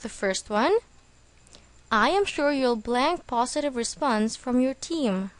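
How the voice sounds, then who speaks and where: A woman reading a scripted English vocabulary lesson, slow and deliberate, spelling words out letter by letter. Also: sits high, expressive, dry recording. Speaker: English teacher.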